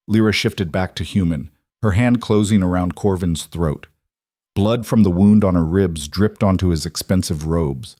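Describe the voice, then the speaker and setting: A man narrating a scripted fantasy story in a dramatic, steady way. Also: low-pitched, normal speed, dry recording, clean studio sound.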